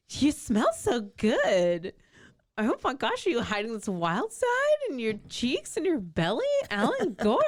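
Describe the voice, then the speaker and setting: A woman voicing an infatuated housewife who gushes breathlessly and slowly over a man she fancies. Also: fairly high pitch, no echo, clean studio sound.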